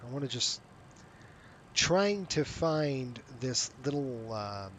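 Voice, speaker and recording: A man's voice: mid-range voice, very animated, slow pace, a bit bright, slight background noise. A man streaming a flight simulator, chatting casually with viewers in a rambling, self-interrupting way while sounding tired and yawning. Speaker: flight sim streamer running a virtual airline. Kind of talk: casual live-stream chat over gameplay.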